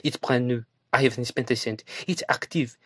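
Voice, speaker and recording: A man's voice: steady tone, moderate pace, slightly rough, no echo, studio quality. A man reading an audiobook, voicing a sarcastic, scheming young woman in a raised, sharper tone. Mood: pleading. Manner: higher, louder, sharp retorts.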